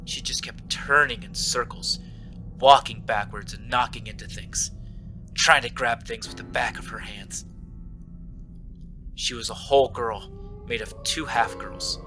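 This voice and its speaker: A man with a nasal voice hosts a loose, profane podcast among friends and reads a short story aloud to them. His pitch sits in the middle of the usual male range. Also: a little slow, long pauses, pushed and bright, faint music behind. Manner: swears freely, jokey. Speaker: podcast host reading a story. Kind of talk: casual chat, then reading aloud.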